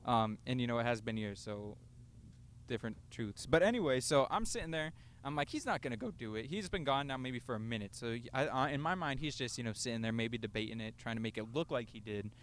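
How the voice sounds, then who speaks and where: On an outdoor rooftop, a young male podcast co-host swaps stories in a laid-back chat, swearing and laughing along the way. His mid-range voice is animated, fairly quick and a bit bright, with slight background noise in the clip.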